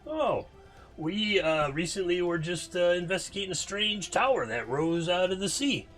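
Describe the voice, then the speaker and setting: A man's voice: high-pitched, animated, normal speed, a bit bright, soft background music, pitched above the performer's own voice. A man voicing a cheerful, talkative male pirate crewman in a tabletop game. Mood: cheery. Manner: friendly, winking, talkative.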